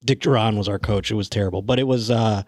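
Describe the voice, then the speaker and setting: A man's voice: lowish voice, steady tone, fast talker, a little mellow, no echo, clean studio sound. A man talking as a comedian guest on a podcast in loose, rambling casual chat.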